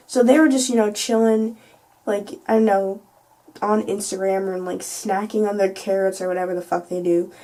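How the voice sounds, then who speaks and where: A woman's voice: mid-range voice, darkish tone. A teenage girl telling a casual storytime vlog, chatty and full of "like" and "you know". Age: teens. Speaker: vlogger.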